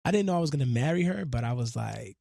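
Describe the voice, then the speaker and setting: Man guest on a radio show, even mid voice, close dry studio mic, easygoing, talks through his lyrics. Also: medium pitch, quick pace, gravelly, dry recording. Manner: relaxed, half-sings and recites his lyrics. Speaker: guest musician. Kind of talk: casual radio interview.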